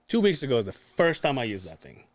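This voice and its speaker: A man's voice: medium pitch, wildly swooping pitch, quick pace, no echo. A man co-hosting a podcast, telling a story casually, swearing often and acting out what people said. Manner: swears often, acts out quoted voices. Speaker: podcast co-host.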